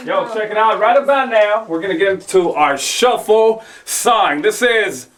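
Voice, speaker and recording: Male radio host, hyped and shouty, lively high voice, echoey room, off-mic, noisy. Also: unhurried, recorded from a distance. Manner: energetic, shouting hype lines. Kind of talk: hyped radio show hosting. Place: internet radio studio. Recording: roomy, off-mic, heavy background noise.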